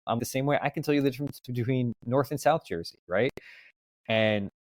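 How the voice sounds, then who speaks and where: A man in his thirties, a podcast guest, talking in a discursive, animated way in a relaxed interview. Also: mid-range voice, fairly quick, no echo. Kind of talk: casual conversational interview.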